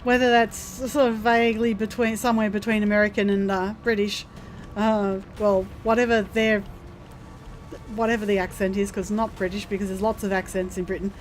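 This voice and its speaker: A woman's voice: medium pitch, flat delivery, moderate pace, a little hiss or hum. A woman streaming a video game, thinking aloud casually and explaining its mechanics as she plays. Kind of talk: casual gameplay commentary.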